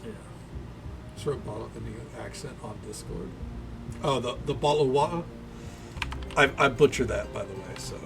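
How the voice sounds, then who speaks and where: A man rambles through relaxed stream commentary. His voice sits at an ordinary pitch with a gravelly, fried texture. His talk is loose and chatty, with casual swearing. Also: moderate pace, long pauses, background noise. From American South.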